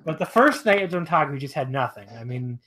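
A man co-hosting a wrestling podcast, talking in a rambling, casual way, his voice jumping high when he gets exasperated. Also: lively intonation, quick pace, sharp tone.

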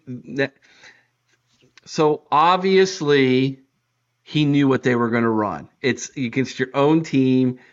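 Man, podcast host, casual chat, halting with fillers, slightly dull lo-fi sound. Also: medium pitch, a bit bright. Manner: hesitant, many fillers and restarts.

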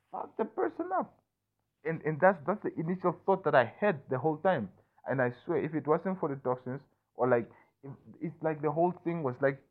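A young man in a candid, rambling personal monologue, swearing often and restarting sentences, who keeps asking "you understand me?". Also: lowish voice. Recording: tinny phone-like audio.

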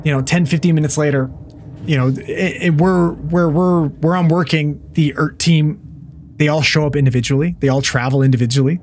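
A man's voice: on the high side, normal speed, slight background noise. A man, a paramedic, telling a wild call story in casual chat, swearing freely and acting out what everyone said. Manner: profane, animated storyteller who acts out what people said.

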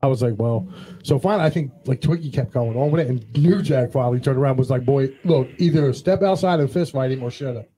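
A man's voice: mid-range voice, fast talker, breathy edge. A man co-hosting a show, casually telling anecdotes and acting out what others said. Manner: animated anecdote-teller, acts out quoted dialogue. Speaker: podcast co-host. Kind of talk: casual storytelling chat.

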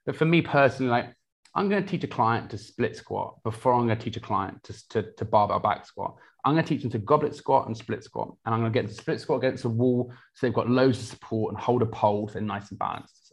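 Energetic man, coach talk. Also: mid-range voice, gravelly. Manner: energetic, many restarts, quotes clients in lively voices. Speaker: personal trainer and coach. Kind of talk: casual interview talk.

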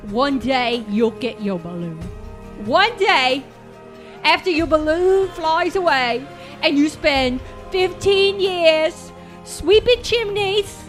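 A woman playing a loud, bossy chimney-sweep motivational speaker with a put-on Cockney accent, in an improv comedy bit. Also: high-pitched, exaggerated voice. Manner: shouty, bossy, mock-inspirational.

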